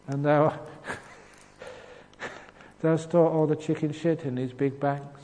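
A man's voice: mid-range voice, darkish tone. An English man giving a Buddhist dharma talk, telling stories with humour and frequent chuckles. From England. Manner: humorous storytelling with frequent chuckles. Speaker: Buddhist monk teacher. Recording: reverberant hall with faint ambience.

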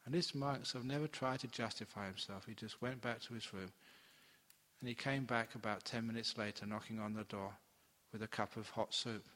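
A man's voice: on the low side, fairly even intonation, brisk, fairly bright tone. A man, a Buddhist monk, telling a teaching story to an audience in a chatty way and acting out the characters. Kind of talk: dharma talk storytelling. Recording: long hall reverb.

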